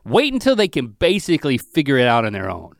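A middle-aged man chats on a podcast, spinning rambling, self-deprecating yarns. His pitch jumps around a lot, and the sound is dry and close-miked. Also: quick pace, creaky, no room sound. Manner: rambling, self-mocking storytelling with lively pitch swings. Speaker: podcast co-host. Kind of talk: casual comedic chat.

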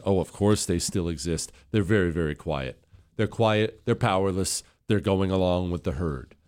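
Male radio host, fairly low voice, sarcastic and combative, studio mic. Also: smooth. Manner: combative, sarcastic, building to loud emphatic outbursts. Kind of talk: political talk radio monologue. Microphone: studio microphone.

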